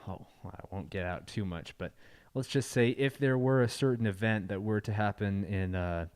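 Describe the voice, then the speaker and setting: A man hosting a casual chat show, introducing viewer videos in a halting way with many pauses and restarts. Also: on the low side, a little mellow, clean tone, no room sound. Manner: halting, full of fillers and restarts. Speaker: show host.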